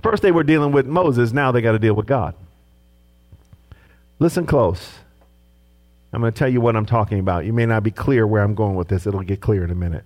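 A man preaching a sermon as pastor, animated and acting out the voices he quotes. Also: fairly low pitch, brisk, long pauses.

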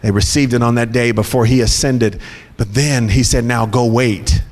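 A man's voice: mid-range voice, moderate pace, darkish tone, in a large hall. A male pastor preaching a sermon with emphatic delivery and repeated phrases.

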